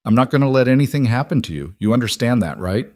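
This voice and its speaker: A man's voice: mid-range voice, expressive, fast, darkish tone, no room sound, studio quality, voice pushed up, natural voice. A man voicing a fierce, protective male crime boss in a storybook reading. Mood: intense, tender. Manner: intense, protective.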